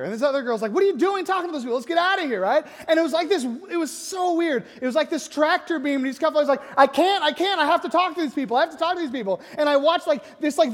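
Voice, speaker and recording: A man, a youth pastor, telling a story in a casual sermon and often tagging lines with "right?". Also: very high-pitched. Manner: conversational, keeps asking "right?". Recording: long echoing hall reverb.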